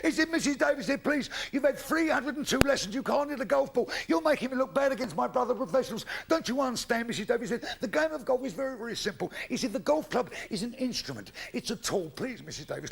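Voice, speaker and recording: Gravelly comic, lively high delivery. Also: male voice, quick pace, hardly any pauses. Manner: crude, punchy joke-telling with swearing. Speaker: stand-up comedian. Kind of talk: live stand-up comedy routine. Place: stage before a live audience. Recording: live show with crowd laughter.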